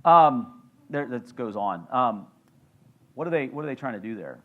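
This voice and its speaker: A male pastor preaching in a church, his voice sitting at an ordinary middle pitch. He keeps it loose and chatty, with playful asides to the room. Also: expressive, normal speed, dull audio. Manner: conversational, joking asides. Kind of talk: sermon. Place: church sanctuary.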